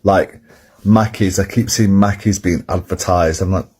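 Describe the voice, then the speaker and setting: Deep husky man with a Lancashire accent. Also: fairly even intonation, unhurried, darkish tone. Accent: Lancashire English. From Lancashire, England. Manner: blunt, matter-of-fact, dry. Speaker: TikTok creator. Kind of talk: casual direct-to-camera chat.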